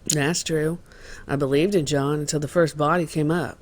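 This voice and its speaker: A man's voice: on the high side, fairly even intonation, normal speed, close to an everyday voice. A man voicing a male contractor who testifies as a witness in a dramatized reading of court testimony, telling the story in a plain, worried way.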